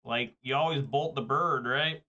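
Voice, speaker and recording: A man's voice: medium pitch, measured pace, pushed and bright, lo-fi sound. A man, rambling and joking through casual gameplay commentary. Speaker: gaming video creator.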